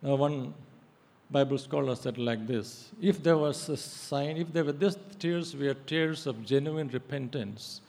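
A male pastor giving a sermon, emphatic and halting, with frequent hesitations. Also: medium pitch, vocal fry, darkish tone. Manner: emphatic preaching with many hesitations. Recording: long reverb of a hall.

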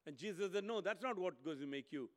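A male preacher delivering a sermon in a slightly high voice. He swings between loud, emphatic lines and hushed, quiet ones. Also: lively intonation, quick pace.

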